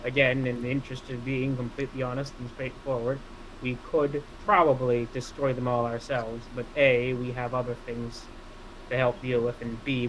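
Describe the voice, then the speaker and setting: A man speaks as a player in a tabletop game. His delivery is flat and even with a dry, wry edge. A faint background hum sits under his voice. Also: mid-range voice. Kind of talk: casual chat.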